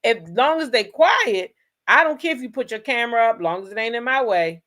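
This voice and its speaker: A woman's voice: a little high, animated, a little fast, fairly bright tone. A woman hosting a commentary show, talking in a blunt, chatty way and swearing freely. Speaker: commentary channel host. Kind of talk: casual commentary.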